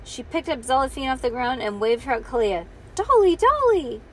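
Female read-aloud narrator, lively with small stumbles, higher voice, faint background hiss. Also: brisk. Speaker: storyteller. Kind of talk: reading a children's book aloud.

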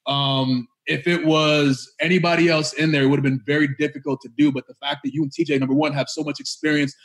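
A man chats on a podcast from his home studio and tells stories with lots of energy and fillers. His voice sits a little high for a man. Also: quick pace. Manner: laughing, storytelling, excitable. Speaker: podcast co-host. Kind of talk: casual chat.

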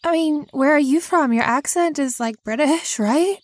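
High-voiced, quick-questioning woman. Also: no room sound. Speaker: player. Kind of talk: tabletop role-play.

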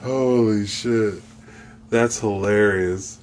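Slow-talking, laid-back swearing man. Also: fairly low pitch, fairly even intonation, a little mellow, faint music behind. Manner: laid-back, swearing, quick agreeing backchannels. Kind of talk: casual comedic chat.

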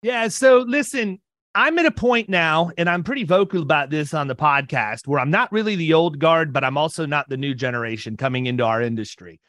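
A man's voice: on the high side, brisk, a bit bright, dry recording, studio quality. A man in his fifties hosting a podcast, talking in a loose, rambling way with many restarts. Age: 50s. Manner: talkative, rambling with frequent restarts. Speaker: podcast host. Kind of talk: casual interview chat.

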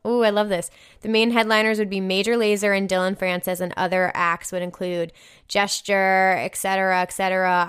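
A woman's voice: lowish voice, a bit bright, clear, resonant tone. A young woman hosting a casual podcast, reading listener messages aloud with upbeat enthusiasm. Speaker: host reading listener submissions.

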